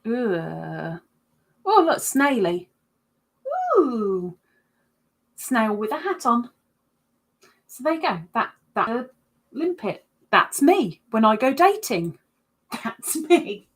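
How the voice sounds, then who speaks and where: A woman hosts a casual livestream from her home computer, reading out viewers' comments and chatting along. She talks at an unhurried, slow pace and makes fun of herself as she goes. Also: on the high side, very animated. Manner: chatty and self-mocking, reads out comments. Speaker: livestream host.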